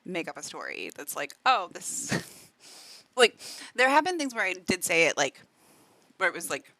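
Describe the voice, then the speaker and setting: Bright-voiced chatty woman streamer. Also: fairly low pitch, sing-song, normal speed, dry recording. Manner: chatty, lots of "like" fillers, laughs often; talks while eating. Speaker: streamer reacting to a video. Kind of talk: casual reaction-stream chat.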